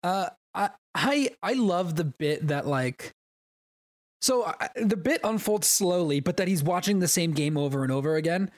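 A man co-hosting a podcast, chatty and easygoing, often breaking into laughter. His voice sits a little higher than most men's. The close mic gives a dry sound with no room in it. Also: lively intonation, moderate pace, no room sound. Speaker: podcast co-host. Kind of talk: casual chat.

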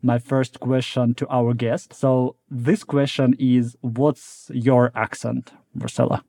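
A man hosts a tech podcast with a mellow, relaxed voice. He is chatty and laughs often as he leads the talk. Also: mid-range voice, slow pace, creaky. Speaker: podcast co-host. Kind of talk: podcast hosting.

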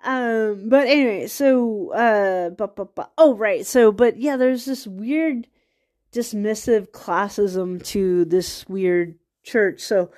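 A woman's voice: medium pitch, slow, darkish tone. A woman hosting a podcast, talking in a rambling casual monologue with laughing asides, a bit stuffy from a cold. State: has a cold, occasional coughs. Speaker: podcast host.

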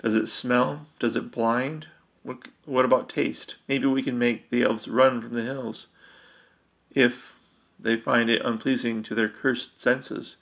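A man's voice: medium pitch, steady tone, slow, gravelly, fairly bright tone, exaggerated voice. A man voicing a blunt, eager half-elf general who fires off questions in a fantasy story.

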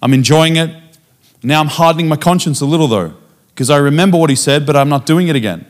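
A man preaching as a guest speaker, telling a personal testimony in a lively storytelling way and acting out the dialogue. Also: on the high side, quick pace. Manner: animated storytelling, acting out dialogue with frequent restarts.

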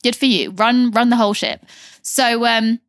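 A young woman reporting on a film podcast, chatting in a rambling, animated way with plenty of asides. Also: a little high, normal speed, no echo, studio quality. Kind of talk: casual podcast chat.

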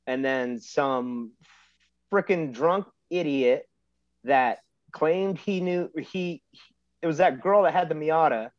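A man tells stories in a relaxed, rambling way, leaning on fillers as he goes. His voice sits on the higher side. The sound is dull and dry, with a lo-fi edge. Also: takes it slowly, no room sound. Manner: relaxed, laid-back storytelling with lots of fillers. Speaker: podcast guest, pro wrestler. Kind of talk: casual storytelling chat.

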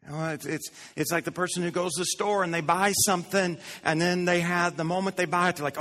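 Man preaching, high voice, questions to the congregation, long church reverb. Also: steady tone, fast, few pauses, pushed and bright. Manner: emphatic, repeats phrases and asks the congregation questions. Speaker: pastor. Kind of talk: sermon. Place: church sanctuary.

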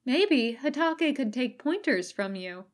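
A woman reading a young female ninja who jokes and teases, slowly and a bit higher than her narration. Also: lively intonation, a bit bright. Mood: teasing. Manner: joking, teasing.

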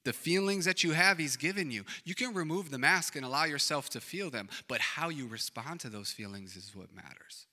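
Bright-voiced preacher in a reverberant hall. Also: male voice, a little high, expressive, brisk, few pauses. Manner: dynamic, swinging from loud emphatic to hushed. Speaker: pastor. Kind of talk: sermon. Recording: long reverb of a large hall.

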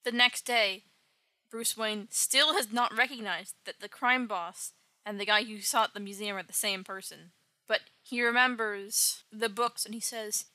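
A woman's voice: medium pitch, steady tone, a little slow, bright, forceful tone, dry recording. A woman casually recapping an old comic with wry, joking asides.

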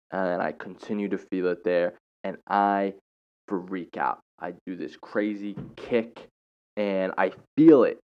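A young man, a teacher, telling a personal story in a casual, animated way with lots of slang. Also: deep voice. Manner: animated, slangy, dramatic retelling. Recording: dull lo-fi recording.

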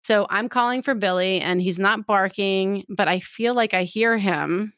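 A woman tells a story in relaxed conversation, lively and animated as she acts out what she and others said. Her voice sits at a middle pitch. The sound is dry and close, with no room echo. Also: unhurried. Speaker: storyteller in a chat. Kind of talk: casual chat.

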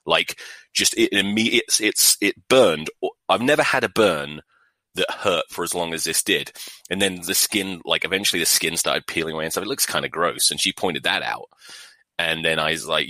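A low-pitched man hosts a rugby podcast in a rambling comic rant. His voice is bright and forceful, recorded dry and close on a podcast mic. He swears freely, mocks himself and keeps restarting his sentences. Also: normal speed, no echo. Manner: profane, joking, self-mocking, many restarts. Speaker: podcast host. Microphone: new podcast microphone.

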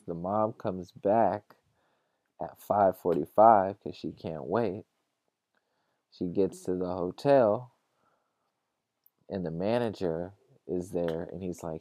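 A man with a very low, gravelly voice recaps a story for his podcast listeners. He talks loosely and swears freely, slipping into quoted lines from the people involved. The sound is dark and dry, close to the mic. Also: takes it slowly, dry recording. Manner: profane, animated retelling with quoted voices. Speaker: podcast host.

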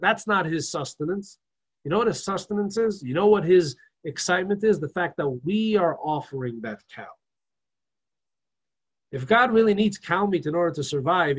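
Husky-voiced man teaching a religious class. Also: high voice, poor audio. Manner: animated storyteller, rhetorical questions, frequent restarts. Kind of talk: casual religious class lecture.

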